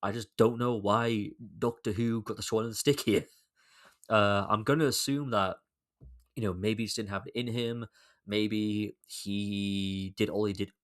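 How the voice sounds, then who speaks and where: Exasperated young man, low voice, rambling. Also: fairly even intonation, a little slow, a bit bright. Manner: rambling, exasperated, swears freely. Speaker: podcast host. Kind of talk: casual solo commentary.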